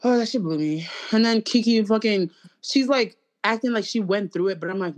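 A woman's voice: medium pitch, brisk. A young woman, chatting casually and ranting with mocking, profane humor and quoted asides. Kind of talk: casual chat.

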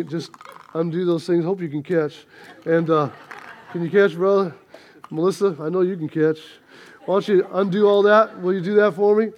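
A man preaches a Sunday sermon from the pulpit with a notably high voice. He builds to emphatic peaks and slips in light humor between scripture readings. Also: muffled recording, slight background noise. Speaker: pastor.

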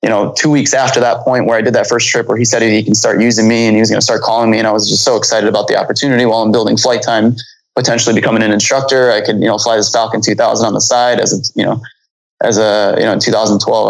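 A man in his thirties recounts his flying days in a relaxed interview, rushing through long rambling sentences. His voice has a gravelly, creaky edge, and he keeps stumbling over restarts and fillers. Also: on the low side, low-quality recording. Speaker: pilot guest. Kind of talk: casual storytelling interview.

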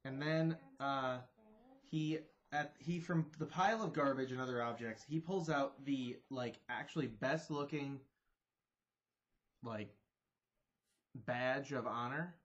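A man's voice: medium pitch, slow pace, pauses often, muffled recording. A man narrating as game master, playful and a bit rambling, laughing between beats.

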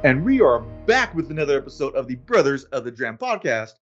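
A man's voice: medium pitch, fairly quick, highs cut off, faint music behind. Easygoing male podcast host. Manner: relaxed, self-deprecating, laughs easily. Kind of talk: casual chat.

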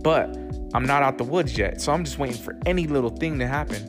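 Over clear background music, a medium-pitched man recounts something that happened to him. His delivery is relaxed and profane, full of "like" fillers and sentences he starts over.

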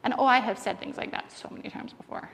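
In a reverberant church hall with faint room noise, a woman in her thirties preaches quickly in a creaky voice on the high side. She brings family stories to life, acting out what people said.

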